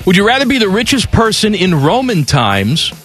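Joking radio co-host, lively pitch. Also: male voice, moderate pace, over loud music. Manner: jokey, reads listener questions aloud. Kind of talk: casual radio banter.

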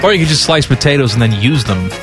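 A man's voice: mid-range voice, lively intonation, quick pace, music in the background. A man co-hosting a sports radio show, reading promos and grumbling sarcastically. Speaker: radio co-host.

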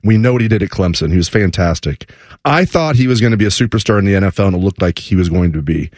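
A man's voice: sits low, lively intonation, fast talker, darkish tone, dry recording, clean studio sound. A man filling in as co-host on a sports radio show, talking through his views in a conversational way, thinking aloud with restarts and asides. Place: radio studio.

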